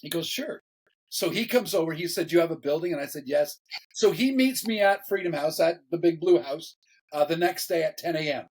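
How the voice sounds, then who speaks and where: A man, a pastor, telling a story in a casual interview, animated, often repeating words and laughing as he talks. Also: fairly high pitch, a little fast, husky, rough recording.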